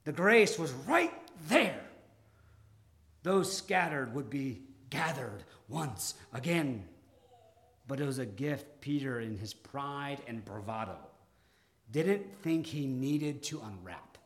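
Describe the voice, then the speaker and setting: A male pastor preaching a sermon, deliberate and dramatic, pausing often and swinging between emphatic and hushed delivery. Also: mid-range voice, animated.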